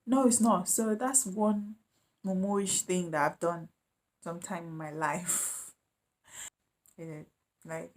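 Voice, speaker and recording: Woman, casual storytime vlogger, animated, slips into other people's voices. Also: on the low side. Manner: animated, acts out quoted voices.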